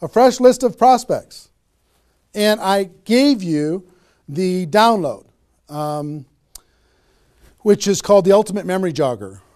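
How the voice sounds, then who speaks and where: A man's voice: high voice, lively intonation, slow pace, long pauses, a little mellow. A man giving a motivational sales training talk, emphatic and repetitive, often checking in with "okay?". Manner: emphatic, repeats key phrases, frequent "okay?" check-ins. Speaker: network marketing trainer.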